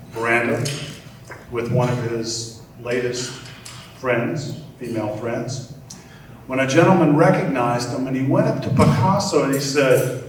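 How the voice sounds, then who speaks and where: An older man giving a heartfelt acceptance speech with gentle, storytelling humor, at a podium in a large event hall. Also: mid-range voice, slight background noise. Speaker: award honoree. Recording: echoey hall from far off.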